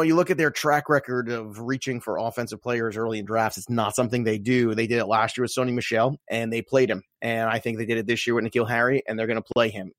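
A man's voice: mid-range voice, no echo, clean studio sound. A man co-hosting a sports podcast, chatting casually with playful hype and lots of filler words. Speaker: fantasy football podcast co-host. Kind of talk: casual chat.

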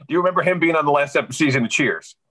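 A man's voice: on the high side, lively intonation, rapid-fire, fairly bright tone, low-quality recording. A man hosting a casual chat, teasing his co-hosts and steering the talk. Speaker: podcast host.

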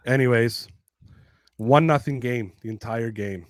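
Picture a man in his thirties spinning baseball yarns on a casual podcast, swearing freely and building each story with energy. His voice sits at an ordinary middle pitch. The sound is dry and close, with no room around it. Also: unhurried, no room sound. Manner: profane, animated storyteller. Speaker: podcast co-host. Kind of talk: casual sports chat.

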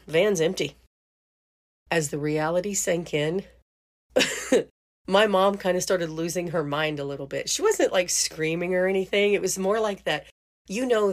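A middle-aged woman host telling a story in a relaxed, chatty way. Her voice sits slightly low for a woman, and she laughs easily and peppers her talk with "you know". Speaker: podcast host. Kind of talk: casual storytelling.

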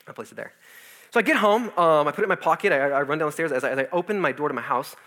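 Young guy rattling off a personal story real quick, bright voice, acts out the voices. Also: a little high. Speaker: youth pastor. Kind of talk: personal testimony. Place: his office.

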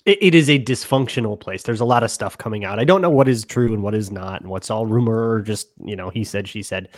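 A man co-hosting a sports talk podcast, delivering an animated, opinionated rant. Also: on the low side, quick pace, dry recording, studio quality. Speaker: podcast co-host.

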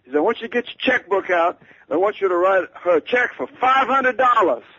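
A man putting on a loud, bossy older male star barking orders down a phone line, with a raspy voice. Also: sits high, expressive, fairly quick, no echo, pitched above the performer's own voice, full character voice. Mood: demanding. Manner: shouting commands. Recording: dull lo-fi radio sound.

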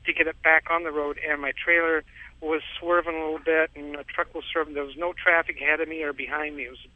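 A man's voice: on the high side, level tone, fast talker, dry recording. A man calling in to a radio show, telling a long rambling story with frequent chuckles, heard over a tinny phone line. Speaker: caller.

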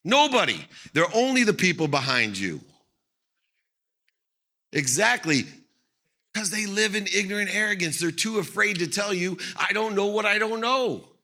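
A man's voice: on the high side, bright, forceful tone. A middle-aged man giving a live motivational keynote on stage, speaking emphatically and repeating phrases for effect. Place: on stage at an event.

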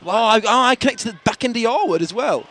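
A young man co-hosting a casual football podcast, playful and quick to laugh. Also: extremely high pitch, a little hiss or hum. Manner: giggly, playful, lively. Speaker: podcast co-host.

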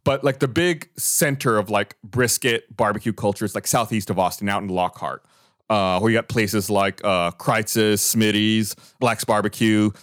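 Male podcast co-host, animated storyteller, dry close mic. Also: fairly low pitch, normal speed, dry recording. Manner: animated storyteller, gets heated retelling grievances. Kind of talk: casual chat. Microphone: studio mic, remote recording.

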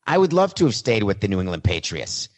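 A man's voice: fairly low pitch, big pitch swings, a little fast. A man voicing a famous male star quarterback who answers press questions with blunt honesty, in his own plain voice. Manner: plain own voice, no attempt at an impression. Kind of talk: mock press-conference monologue.

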